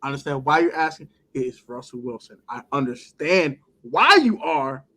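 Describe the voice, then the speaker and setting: A man with a high, lively voice that leaps all over as he rants about sports trades. He laughs a lot and slips into mock voices to act out what others might say. It is a loose, casual group chat. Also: normal speed. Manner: animated, laughing, acts out quotes in a put-on voice. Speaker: podcast co-host.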